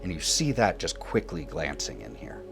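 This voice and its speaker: A man with a very low voice narrates a tabletop horror game as its game master. He describes scenes calmly and calls for dice rolls. Faint music plays behind him. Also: normal speed, gravelly.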